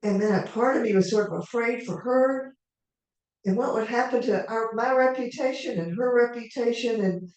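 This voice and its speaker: A woman storyteller telling a tale in the first person as a character, in an unhurried, conversational way with asides to the audience. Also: on the high side, a little mellow. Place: live performance venue. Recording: echoey hall, mic far off.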